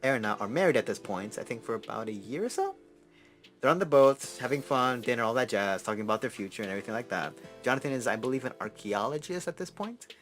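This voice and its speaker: A young man co-hosting a podcast, rambling quickly through a story recap in casual chat. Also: mid-range voice, fairly bright tone. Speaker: podcast co-host.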